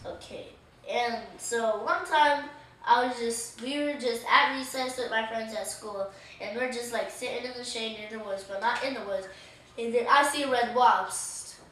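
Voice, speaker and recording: Young girl, chatty and a bit bossy, bright tone, echoey distant mic. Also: a little high, normal speed, slight background noise. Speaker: vlog participant. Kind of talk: casual storytelling among friends.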